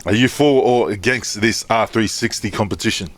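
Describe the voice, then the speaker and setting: A man's voice: on the low side, moderate pace. A man hosting a casual rugby podcast, reading out facts with fillers and restarts. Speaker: podcast host. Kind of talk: casual sports chat.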